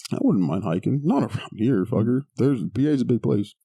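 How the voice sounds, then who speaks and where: Animated young man ranting on a podcast. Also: medium pitch, fairly quick, gravelly. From Pittsburgh area. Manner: animated, swearing, laughing often. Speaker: podcast co-host. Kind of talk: casual chat.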